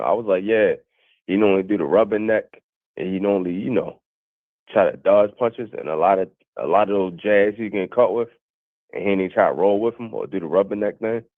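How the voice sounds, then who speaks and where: A man's voice: on the low side, dry recording. Cussing man on a tinny phone line. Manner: blunt, profane, talks over others. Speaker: caller on a boxing show. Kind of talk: casual boxing debate. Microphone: phone call.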